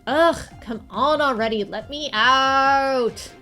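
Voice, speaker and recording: Brief: woman playing a spoiled whiny party girl, soft music behind. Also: a little high, expressive, fairly quick. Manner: whiny, petulant. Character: whiny, self-absorbed young party girl.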